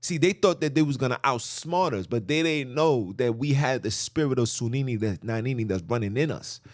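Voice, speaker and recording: Animated preachy podcast man, lively pitch. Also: a little fast, no echo, studio quality. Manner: animated, preachy, repeats himself for emphasis. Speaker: podcast host. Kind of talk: impassioned religious monologue.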